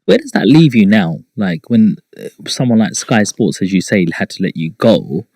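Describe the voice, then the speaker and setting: A man's voice: on the low side, sing-song, moderate pace, dry recording, clean studio sound. A man hosting an interview, asking short probing questions in a casual way. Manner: short probing questions, quiet back-channel. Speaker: interviewer, host.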